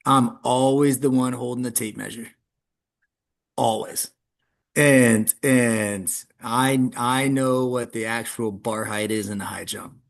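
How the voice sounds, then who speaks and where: A male track and field coach in an interview, talking in an animated, conversational way. His pitch sits in a middle range for a man and leaps up when he gets emphatic. He restarts his sentences as he thinks. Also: slow pace, gravelly.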